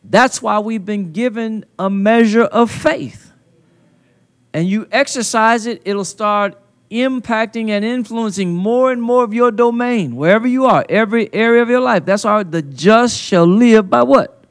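High-voiced preacher, call-and-response fervor. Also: male voice, normal speed. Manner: call-and-response preaching, rising to loud emphatic peaks; folksy, with colloquial phrasing. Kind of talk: sermon. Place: conference hall. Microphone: handheld mic.

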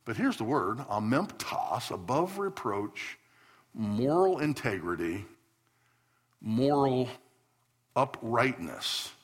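A male pastor preaching a sermon, swinging between loud emphatic declarations and soft asides. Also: medium pitch, very animated, slow, husky. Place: church sanctuary.

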